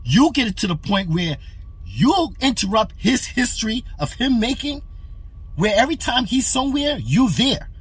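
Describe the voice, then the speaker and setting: A man's voice: very high voice, big pitch swings, moderate pace, breathy edge. A man hosting a boxing commentary channel, delivering a heated, profane opinion rant to camera. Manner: heated, aggressive, repetitive and profane.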